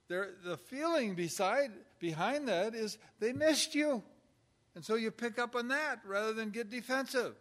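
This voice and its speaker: A man delivers an informal lecture to caregivers, working through numbered points. His voice sits a little high, and he keeps it conversational, slipping into short acted-out exchanges to show what to say. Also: lively intonation, a little slow, a bit bright. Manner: conversational, acts out example dialogue in quotes. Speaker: instructor on pastoral caregiving.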